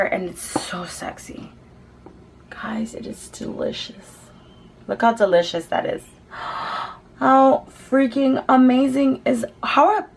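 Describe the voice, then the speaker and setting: Woman beauty vlogger, gushing and chatty, higher voice, casual home video. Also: slight background noise. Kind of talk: casual makeup swatch vlog. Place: home, children nearby.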